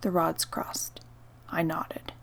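A woman narrating a first-person story in a soft, partly whispered voice. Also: deep voice, monotone, takes it slowly, vocal fry.

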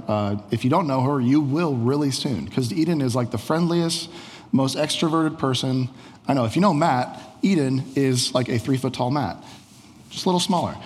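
Conversational pastor preaching in a reverberant hall. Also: male voice, medium pitch, slight background noise. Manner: conversational storytelling, frequent "like" fillers. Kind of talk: sermon.

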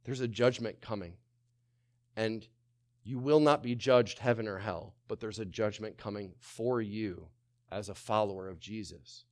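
Male pastor preaching with loud-to-hushed swings. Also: on the low side, unhurried. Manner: calls on the congregation to answer; asks many rhetorical questions. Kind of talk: sermon.

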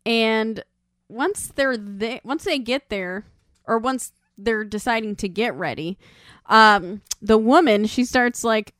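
A woman casually recapping a movie with a friend, animated and laughing as she acts out the scenes. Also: fairly high pitch, slow, dry recording, clean studio sound. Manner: animated retelling with acted quotes and laughs.

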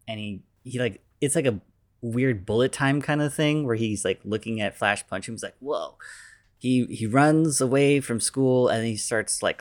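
A man casually retelling a film's plot in a loose, rambling way, full of fillers, briefly putting on quick voices for the characters. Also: medium pitch. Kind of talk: casual movie plot recap.

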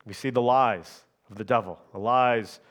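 A man preaching a sermon in a measured, emphatic way, often checking in with his listeners through quick tag questions. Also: mid-range voice, a bit bright.

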